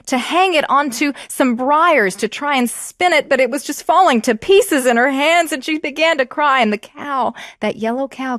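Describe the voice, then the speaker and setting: Woman storyteller, animated and expressive, with a lively pitch and a close, dry sound. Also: dry recording. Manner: animated, expressive, prompting the audience to join in. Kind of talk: live storytelling to children.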